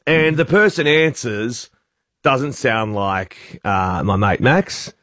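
A man's voice: medium pitch, slow pace, fairly bright tone, dry recording. An Australian man in his forties hosting breakfast radio, spinning a story and playing out each line of dialogue. His voice sits in the middle of the male range, and the studio sound is dry and close. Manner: storytelling, acts out quotes. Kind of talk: casual radio banter, anecdote. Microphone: studio mic.

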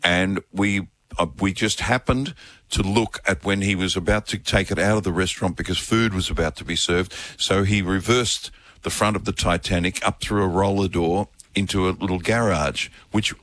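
A man hosting a talkback radio show, telling a story in a rambling, halting way with many fillers. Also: low-pitched, steady tone, fairly bright tone. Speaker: radio host. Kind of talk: casual talkback radio chat.

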